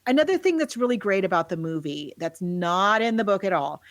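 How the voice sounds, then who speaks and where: A woman co-hosting a podcast, chatting casually about a movie and telling scenes in an animated way. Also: mid-range voice, no echo. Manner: animated storyteller who acts out scenes with quick laughs. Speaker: podcast co-host.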